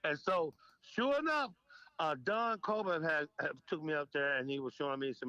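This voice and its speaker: A man's voice: medium pitch, normal speed, no room sound, lo-fi sound. An older man telling club stories in an interview, acting out dialogue and laughing often. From Memphis, United States. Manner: animated storyteller, acts out quoted dialogue, laughs often. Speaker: interview guest, veteran club DJ. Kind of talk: storytelling in casual interview.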